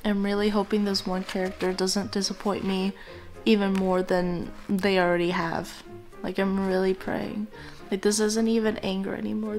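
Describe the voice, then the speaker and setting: A woman's voice: medium pitch, level tone, normal speed, darkish tone, echoey room, faint music behind. A young woman chatting in a casual reading vlog, gushing and saying "like" a lot. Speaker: book vlogger.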